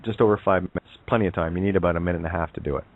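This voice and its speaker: A man's voice: low-pitched, fairly even intonation, rapid-fire. A man co-hosting a talk show, rambling and full of fillers in casual chat. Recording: tinny phone line.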